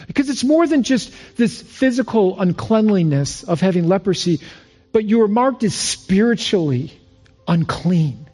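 A man's voice: high voice, animated, a little slow, darkish tone, faint music behind. A male pastor preaching a sermon in an earnest, storytelling manner with repeated phrases.

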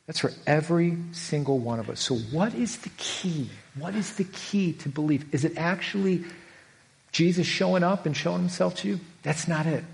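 A man's voice: a little high, moderate pace, gravelly. A middle-aged man preaching an earnest sermon, often acting out the voices he quotes. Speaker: pastor.

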